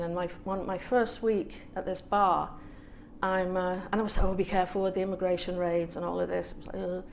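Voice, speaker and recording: A woman from England, a guest author at a small event, telling a lively story with laughs and acted-out quotes. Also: mid-range voice, slight background noise. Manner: lively anecdotal, laughs often, acts out quotes. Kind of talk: storytelling on a panel.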